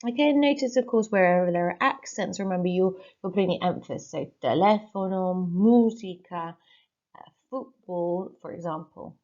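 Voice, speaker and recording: A woman, a teacher giving a recorded lesson with clear, patient instructions and repeat-after-me drills. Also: lowish voice, fairly quick, lo-fi sound. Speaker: Spanish teacher.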